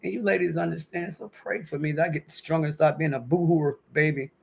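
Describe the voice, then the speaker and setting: A woman in her fifties hosts a casual livestream from home, chatty and emotional, calling viewers honey and baby. Her low voice is brisk, creaky and husky, with fairly even intonation.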